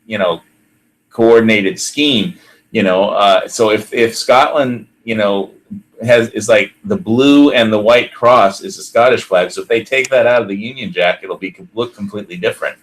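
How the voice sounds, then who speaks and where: A man's voice: on the low side, moderate pace, poor audio. A man hosting a podcast in casual chat, rambling with many fillers and restarts and laughing often. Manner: laughs often while talking. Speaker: podcast host.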